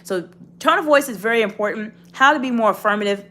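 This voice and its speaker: A woman's voice: a little high, expressive, fast talker, a bit bright, a little hiss or hum. Encouraging woman coaching on leadership. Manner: encouraging, instructive, addresses viewer directly. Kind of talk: direct-to-camera coaching talk.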